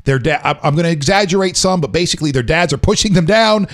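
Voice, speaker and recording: A man's voice: on the high side, animated, fast, a bit bright. A man from the US South hosting a casual talk show, speaking in a thoughtful, reflective way. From small town in the US South. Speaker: host. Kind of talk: casual podcast chat.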